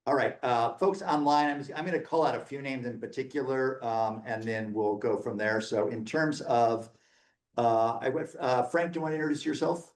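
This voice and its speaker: A man runs a public meeting with casual, joking friendliness, moving the agenda along in an informal way. His voice sits at an ordinary middle pitch. The sound carries the reverberant echo of a meeting room. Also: moderate pace. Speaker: meeting chair. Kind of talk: chairing a hybrid public meeting.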